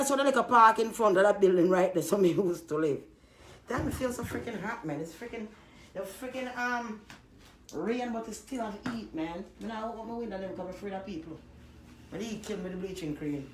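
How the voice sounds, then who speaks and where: Loud joking woman, echoey room. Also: a little high. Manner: loud, joking, swears a lot, trails off into mutters. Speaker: vlogger. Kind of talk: casual rambling monologue. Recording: echoey room, noisy background.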